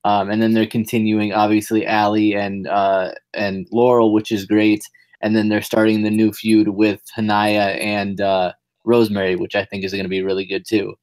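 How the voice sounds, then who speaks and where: Teasing, steady-talking male podcast co-host. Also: on the low side, normal speed. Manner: teasing, lecturing, then steady analysis. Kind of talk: casual wrestling review chat.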